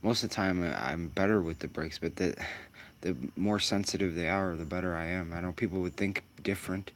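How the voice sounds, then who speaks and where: Deep-voiced man rambling over sim racing. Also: fairly even intonation, a little fast. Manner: rambling, filler-heavy musing. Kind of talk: casual gameplay commentary.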